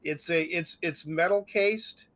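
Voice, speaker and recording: Higher-voiced man, insistent chat. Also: measured pace, bright, forceful tone. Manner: insistent, repeats himself to make a point. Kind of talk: casual gaming stream chat.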